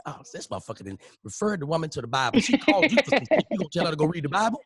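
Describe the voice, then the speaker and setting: A man with a Louisiana accent on a podcast, telling a profane, lively story and acting out every quote. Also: a little high, rapid-fire, hardly any pauses, breathy edge. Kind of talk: animated comedic storytelling.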